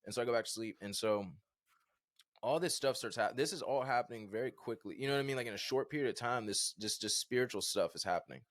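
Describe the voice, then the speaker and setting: A man in his thirties from Virginia, a podcast guest telling a personal story in an animated, casual way with lots of fillers. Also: mid-range voice, fast talker, no room sound, clean studio sound. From Virginia, USA. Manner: animated, conversational, many fillers like "like" and "bro".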